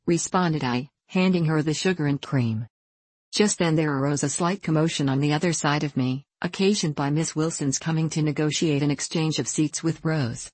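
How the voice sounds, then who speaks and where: Low-voiced woman narrating a classic novel. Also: normal speed, darkish tone, breathy edge, no room sound. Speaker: audiobook narrator.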